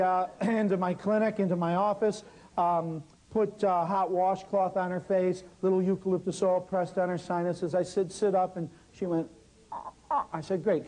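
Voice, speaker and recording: Man, fairly high mellow voice, workshop teacher who tells stories and talks straight to the room. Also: rough recording. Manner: lively, talks straight to the audience. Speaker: natural healing teacher. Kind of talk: live workshop storytelling.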